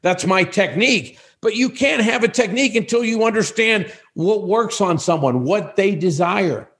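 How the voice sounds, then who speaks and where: A man in his sixties with a high voice speaks at a moderate pace as a guest on a podcast. He owns a sexual wellness business and chats casually, animatedly telling stories and acting out other people's voices.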